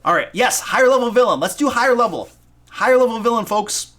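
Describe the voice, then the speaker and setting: Goofy michigan guy running a stream, bright voice, bounces all over, kinda high. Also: fast. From Michigan, USA. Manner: excitable, goofy and self-deprecating. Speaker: live-stream host and dungeon master. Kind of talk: casual live-stream chat. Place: home room.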